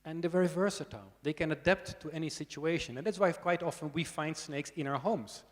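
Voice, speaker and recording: With a fairly high pitch and a slightly fast delivery, a man lectures students on snakes in a conversational style. He's a snake expert at a conference, dryly funny, often checking in with the audience through tag questions and asides. The hall adds long reverb.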